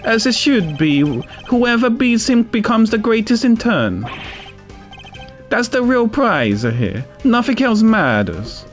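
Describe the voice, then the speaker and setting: A man's voice: very high-pitched, very animated, slow pace, faint music behind, voice pushed up, heavily acted. A man voicing a proud, flamboyant male pastry chef in a put-on Italian accent with a sing-song tone, reading game dialogue aloud. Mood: grandiose. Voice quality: sing-song, rising and falling tone.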